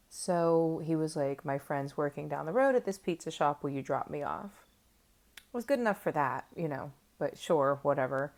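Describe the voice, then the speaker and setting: Woman in her 30s, vlogger, low gravelly voice, candid and self-mocking, casual storytelling. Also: a little mellow.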